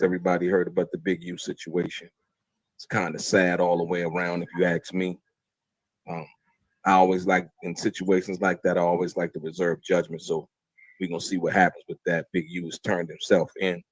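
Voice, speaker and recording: A man hosting a casual livestream, talking in a laid-back, unhurried way. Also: deep voice, dry recording, poor audio. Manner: laid-back, with frequent fillers and restarts. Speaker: podcast host.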